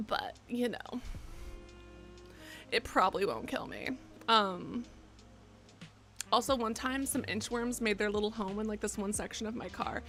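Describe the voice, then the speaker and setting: A woman in her twenties chatting casually to her live-stream audience, rambling and self-mocking, with sudden loud excited bursts. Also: fairly high pitch, a little slow, long pauses. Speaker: game streamer. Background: faint background music.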